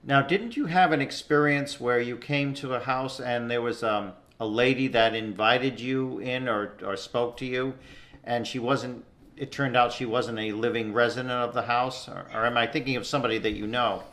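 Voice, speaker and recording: A man's voice: medium pitch, fairly even intonation, normal speed, fairly bright tone. A man hosting an interview, effusive and generous with praise for his guest. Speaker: show host.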